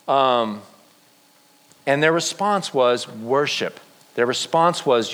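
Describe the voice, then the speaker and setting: Guy preaching to youth, tells the story all animated, voice bouncing around a big echoey hall. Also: on the high side. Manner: animated storytelling with acted quotes. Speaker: youth pastor. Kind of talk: sermon.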